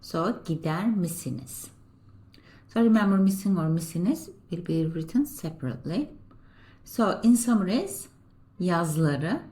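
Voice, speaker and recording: A woman teaching a beginner language lesson, explaining grammar step by step in a patient way and repeating example sentences slowly. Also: lowish voice, animated, warm tone.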